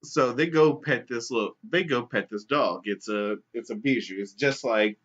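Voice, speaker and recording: A man's voice: medium pitch, normal speed. A man co-hosting a podcast, telling a story in casual, profane chat and acting out the people in it. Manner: profane, animated retelling with quoted voices. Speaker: podcast co-host. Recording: dull lo-fi sound.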